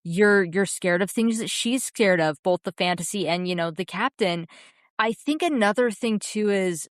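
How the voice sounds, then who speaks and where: A woman's voice: medium pitch, normal speed, no room sound, clean studio sound. A woman co-hosting a podcast, talking enthusiastically and earnestly about a film she loves, often restarting her sentences. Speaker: podcast co-host. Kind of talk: casual film discussion.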